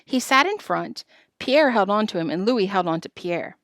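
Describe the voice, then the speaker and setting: A woman reads a children's chapter book aloud with lively, dramatic storytelling. Her voice is mid-pitched and recorded close in a dry room. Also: moderate pace, no echo. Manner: expressive, dramatic narration. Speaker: storybook reader. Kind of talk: reading a children's novel aloud.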